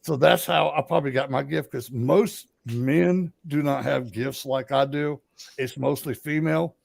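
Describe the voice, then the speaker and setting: Co-hosting a laid-back chat, a middle-aged Southern-accented Alabaman tells ghost stories in a rambling, folksy manner. He speaks unhurriedly in a mid-range, gravelly, slightly mellow voice, with no room sound.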